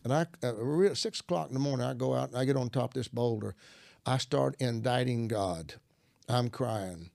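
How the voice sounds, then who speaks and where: Gravelly older man telling his testimony. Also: mid-range voice, normal speed, a little mellow, no room sound, clean studio sound. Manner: earnest storytelling, acts out his own prayers. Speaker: guest minister. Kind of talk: personal testimony in conversation.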